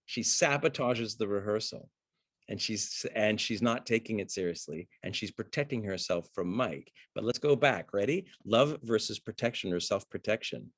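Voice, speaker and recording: A man teaching acting, breaking down a film scene in an animated way and acting out the characters' lines. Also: lowish voice, normal speed, no echo, clean studio sound. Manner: excitable, acts out the lines of those he talks about.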